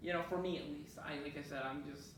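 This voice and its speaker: A comedian from Mexico talks shop in a loose, easygoing way, dropping "man" into his sentences. His voice sits fairly high for a man. It is recorded in a very echoey room, some distance from the mic, with a faint hiss under it. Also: fairly even intonation, fast talker, fairly bright tone. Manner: laid-back, sprinkles in "man", acts out quoted bits. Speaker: stand-up comedian guest. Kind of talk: casual interview chat.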